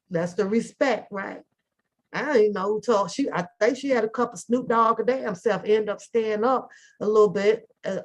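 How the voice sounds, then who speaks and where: Brief: middle-aged woman host, brash storyteller, fairly high voice. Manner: loud, animated, profane, laughing storyteller. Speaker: host of a live panel talk show. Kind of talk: casual live-stream storytelling.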